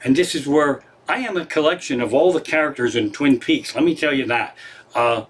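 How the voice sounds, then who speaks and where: A man's voice: mid-range voice, brisk, breathy edge. A comedian casually retelling scenes and stories on a livestream from his living room, swearing freely and rambling. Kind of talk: casual stand-up storytelling on a livestream.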